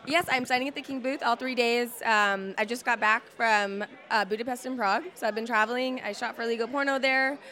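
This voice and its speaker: A woman's voice: fairly high pitch, brisk, hardly any pauses, pushed and bright. A woman being interviewed as a guest, upbeat and bubbly, laughing between her answers. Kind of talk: casual interview chat.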